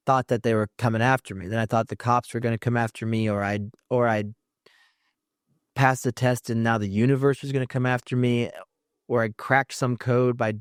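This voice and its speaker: A man tells a personal story, stopping and restarting his sentences as he goes. His voice sits at an ordinary middle pitch. It is recorded close and dry, with no room sound. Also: clear, resonant tone, no echo. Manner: halting, restarts mid-thought. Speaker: podcast host.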